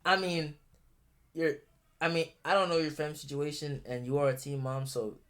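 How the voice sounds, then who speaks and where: A man's voice: fairly high pitch, flat delivery, moderate pace, a bit bright. A young man talking casually and bluntly as a streamer reacting to a video, profane and rambling, full of restarts.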